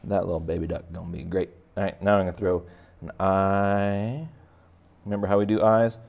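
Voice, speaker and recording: A man with a deep, gravelly voice leads a relaxed drawing lesson for kids. He talks the viewer through each step and tosses in playful jokes as he draws. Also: normal speed. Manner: chatty, joking asides while sketching. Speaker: art teacher. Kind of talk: casual drawing tutorial for kids.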